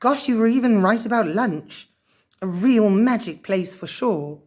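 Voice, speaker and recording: A woman's voice: mid-range voice, animated, unhurried, a little mellow, voice pushed up. A woman voicing a small, scared little boy who keeps asking anxious, whiny questions, in a storybook reading. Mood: pleading.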